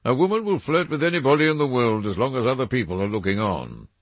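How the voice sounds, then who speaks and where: A man voicing a witty, languid aristocratic gentleman in a drawling, amused manner. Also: medium pitch, very animated, fast, no room sound, muffled recording, pitched above the performer's own voice.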